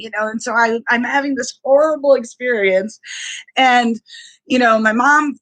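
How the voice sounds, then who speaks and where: Woman vlogger with a bright, sharp tone, telling her own story angrily and bluntly, swearing freely. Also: on the high side, moderate pace. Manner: blunt and profane, with heavy swearing and restarts; indignant and raw. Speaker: vlogger sharing a personal experience. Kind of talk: angry personal testimony vlog.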